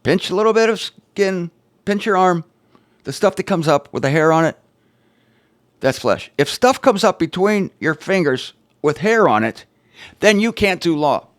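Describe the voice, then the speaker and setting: Guy doing casual bible teaching on his show, really lively up-and-down voice, sarcastic little jabs, dry close sound. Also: high voice, unhurried, no echo. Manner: emphatic and animated, with wry sarcastic asides. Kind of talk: informal Bible teaching to camera.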